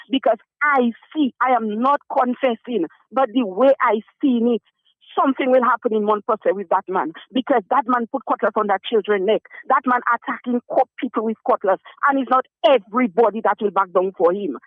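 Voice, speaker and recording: A man's voice: extremely high pitch, brisk, no echo. A man calling in to a radio show, speaking in an urgent, pleading, repetitive way. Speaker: caller. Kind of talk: call-in radio complaint. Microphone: telephone. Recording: tinny dry phone line.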